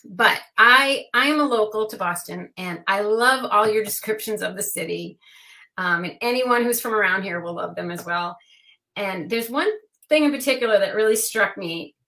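A woman's voice: medium pitch, normal speed, pushed and bright. A woman hosting a podcast, asking her guest questions in an earnest, conversational way. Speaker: podcast host. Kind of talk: interview questions.

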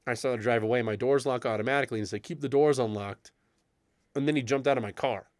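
A man's voice: medium pitch, fairly even intonation, rapid-fire, no room sound, studio quality. A young man co-hosting a casual chat show, telling a story and acting out the quoted lines of the people in it. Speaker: podcast co-host.

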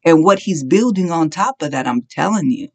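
A preacher delivering an impassioned sermon of repeated short commands that climbs at times into shouting. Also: medium pitch, animated, moderate pace. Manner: impassioned exhortation, rising to shouts.

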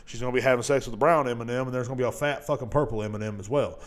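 A man hosting a solo podcast, ranting casually and profanely, swinging between low mutters and loud outbursts. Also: fairly even intonation, rapid-fire. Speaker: podcast host.

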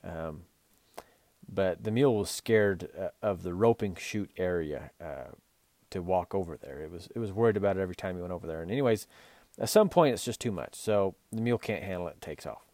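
Man, podcast host, earnest coaching talk, restarts, low voice, dry sound. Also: a little fast, a little mellow, dry recording. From Utah. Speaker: podcast host and horse and mule trainer.

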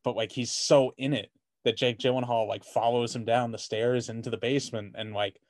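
A man's voice: medium pitch, fairly even intonation, normal speed, darkish tone, dry recording. A man co-hosting a podcast, chatting casually about a movie, rambling with lots of "like" and swearing freely. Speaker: podcast co-host.

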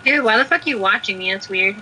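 A woman's voice: medium pitch, fast, noisy background. A woman playing a video game with her cousin, blunt and laid-back, swearing casually. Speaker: cousin and fellow player. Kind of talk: casual gaming banter.

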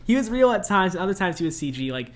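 A young man co-hosting a casual movie-review podcast, his voice sitting a little high and swinging widely in pitch. He is animated, breaks into laughter often and slips into quoted lines. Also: fast talker. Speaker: podcast co-host.

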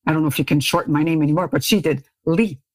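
A middle-aged woman from Canada tells her story as a podcast guest. Her low voice leaps high whenever she acts out what people said. The sound is close and dry. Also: rapid-fire, dry recording. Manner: lively, acts out quoted voices with big pitch jumps. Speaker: guest, beauty brand founder. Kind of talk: animated storytelling in a podcast interview.

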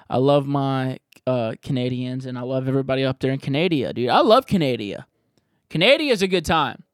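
A man's voice: a little high, no room sound, studio quality. A man hosting a podcast, answering voicemails in a rambling, profane, jokey way. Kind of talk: casual podcast chat.

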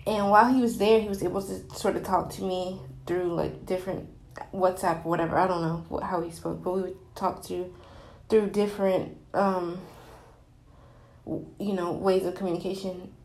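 A woman's voice: fairly low pitch, little pitch movement, moderate pace, a little mellow, reverberant. A woman in her twenties telling a candid personal story, rambling with many fillers and restarts.

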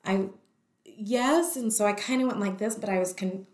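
A woman telling a personal story in a lively way, acting out the voices of the people in it. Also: medium pitch, quick pace. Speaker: guest telling her story. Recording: roomy echo.

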